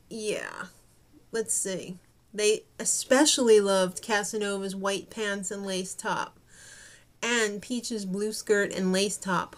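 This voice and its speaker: A young woman giving a snarky, gossipy recap of a reality show. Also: mid-range voice. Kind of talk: casual TV recap commentary.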